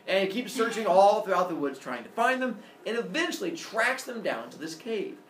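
Animated male storyteller in an echoey room. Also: high-pitched, normal speed. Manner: animated, jokey, lots of sound effects. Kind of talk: casual myth retelling. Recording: roomy room, distant mic, faint noise.

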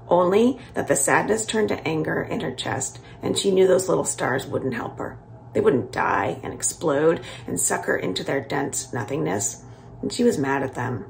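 A woman from a library series reading the first chapter of a children's novel aloud, calm and expressive. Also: sits low, gravelly, a little hiss or hum. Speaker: library book reader.

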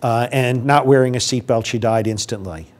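An older man with a medium-pitched voice gives a public lecture on grief to a live audience at a moderate pace. He speaks conversationally, asks the audience questions and acts out what grieving people say.

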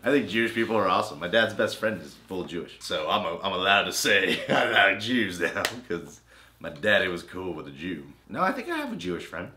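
A young man co-hosts a trailer reaction video, swapping crude, teasing jokes in easygoing chat. His voice is deep and sharp in tone, fairly quick, with a slight hiss or hum in the recording.

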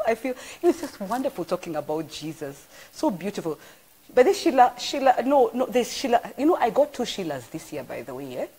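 A middle-aged woman, preaching an informal live-streamed sermon as an animated storyteller full of exclamations. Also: a little high, a little fast, husky. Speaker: church apostle.

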